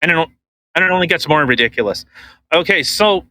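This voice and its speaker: Podcast guy from canada going off, swears constantly, sharp bright tone. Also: a little high, a little fast, rough recording. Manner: animated, swears a lot, mocking put-on voices. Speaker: podcast co-host. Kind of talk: casual profane podcast rant.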